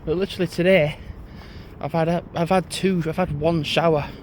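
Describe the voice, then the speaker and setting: A man's voice: on the high side, steady tone, normal speed, slight background noise. A young man, rambling casually to his phone while out on an evening walk uphill. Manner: rambling, chatty monologue. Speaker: vlogger. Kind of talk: casual walking vlog.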